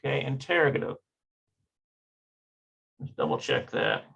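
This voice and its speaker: A man's voice: mid-range voice, measured pace, gravelly, a bit bright, husky. A man teaching an online Hebrew lesson, thinking aloud with hesitations and stopping to check pronunciations. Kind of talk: slow online language lesson.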